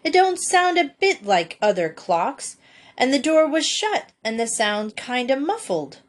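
A woman's voice: mid-range voice, sing-song, a little slow, husky. A woman reading aloud, voicing a stubborn, plain-spoken farm boy with country grammar.

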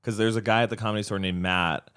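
A man co-hosting a casual comedy podcast, explaining a story at a quick clip. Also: fairly low pitch, steady tone, fairly bright tone, clear, resonant tone. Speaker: podcast co-host, stand-up comic. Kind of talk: casual chat.

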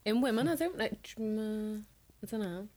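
A woman's voice: mid-range voice, expressive, normal speed, darkish tone. Scouse woman, casual group chat, blunt and playful. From Liverpool.

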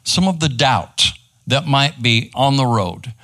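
A man gives a live church teaching in a conversational way. He pauses to ask his listeners "right?" and "okay?". His voice sits at a middling pitch and sounds dry and close. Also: lively intonation, bright, forceful tone, dry recording. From Texas. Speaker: pastor. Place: church room.

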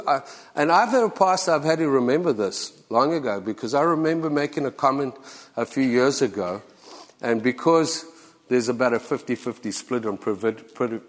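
A man's voice: mid-range voice, in a large hall. A man preaching a sermon as pastor, earnest and exhorting, repeating key phrases for emphasis. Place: church sanctuary.

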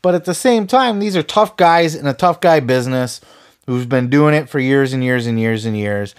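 A man's voice: mid-range voice, lively intonation, normal speed, clear, resonant tone. A man hosting a podcast, ranting heatedly with lots of swearing and sarcastic put-downs of his listeners. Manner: profane, heated, sarcastic mocking. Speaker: podcast host.

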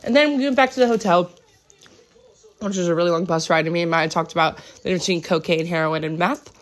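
A woman's voice: on the low side, fast talker. Rambling, chatty woman. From United States. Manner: chatty, rambling, many "like" fillers. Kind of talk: casual travel vlog chat. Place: hotel room.

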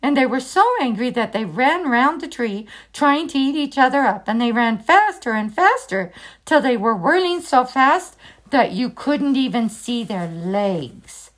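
A woman telling a children's story aloud in a fairly high, very lively voice. She reads expressively and draws the listener in with questions. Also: unhurried.

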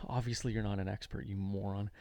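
A man's voice: lowish voice, fairly even intonation, fast talker, vocal fry, warm tone, no echo. A man co-hosting a podcast, telling a story in casual chat, sarcastic, laughing often and reading posts aloud. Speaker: podcast co-host.

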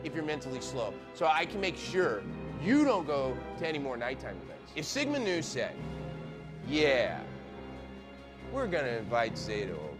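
A man's voice: medium pitch, sing-song, normal speed, close to an everyday voice. An actor playing a furious young woman sorority officer who rants and swears in a dramatic reading over music. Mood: ranting. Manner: profane, seething, building to screaming. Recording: loud music under the voice.

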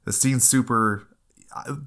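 A man in his thirties talking casually and profanely about a film, with animated jokes. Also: mid-range voice, slow pace. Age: 30s.

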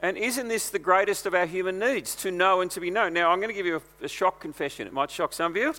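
High, bright-voiced preacher. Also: male voice, lively intonation, fast talker, big-room sound. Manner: conversational, earnest preaching with personal anecdotes. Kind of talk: sermon.

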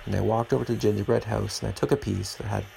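A man's voice: lowish voice, fairly even intonation, rapid-fire, creaky, mellow, slight background noise, poor audio. A man hosting a podcast alone at home, talking in an earnest, preachy and rambling way. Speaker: podcast host. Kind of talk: casual podcast monologue.

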